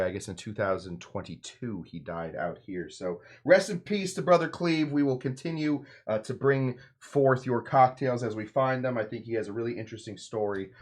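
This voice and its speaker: A man at a middle pitch hosts a casual cocktail demonstration. His talk wanders, with plenty of fillers and side remarks, in the easygoing way of a working bartender chatting behind the bar. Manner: rambling, loose, full of fillers and side remarks. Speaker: bartender and show host.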